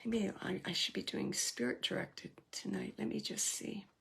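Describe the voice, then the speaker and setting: Bright-voiced chatty woman medium. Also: mid-range voice, fairly even intonation, normal speed, vocal fry, breathy edge. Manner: chatty, relays spirit messages in quotes. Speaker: psychic medium. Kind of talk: live mediumship reading.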